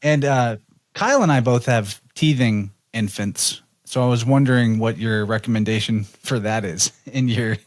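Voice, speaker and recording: A man's voice: medium pitch, moderate pace. A man hosting a podcast, chatting casually in a laid-back way and chuckling often. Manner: laid-back, chuckles often, talks about his baby. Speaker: podcast host.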